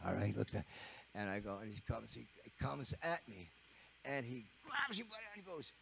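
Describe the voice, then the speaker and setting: Older Canadian drummer, animated on-stage storyteller, rambling, lively swooping pitch. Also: male voice, a little fast, gravelly. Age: 70s. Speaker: rock drummer and bandleader. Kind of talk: storytelling on stage between songs. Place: live concert in a TV studio.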